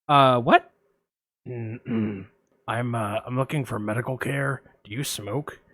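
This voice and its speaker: A man voicing a creepy, secretive male caller who speaks low and hushed, in a podcast reenactment of a phone call. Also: slow, dry recording. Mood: insinuating.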